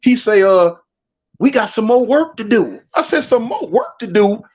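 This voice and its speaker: A man's voice: sing-song, moderate pace, a little mellow. A man telling a story in casual street slang, acting out the other people's voices as he goes. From Southern California. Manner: street slang, acts out voices of others with big pitch jumps. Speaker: storyteller guest. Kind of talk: animated storytelling. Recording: dull lo-fi sound.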